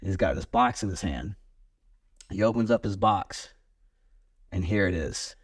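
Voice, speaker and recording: Low-voiced man telling a rambling story. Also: a little slow, breathy edge. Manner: animated, rambling storyteller, swears freely. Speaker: podcast guest. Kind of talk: casual storytelling chat.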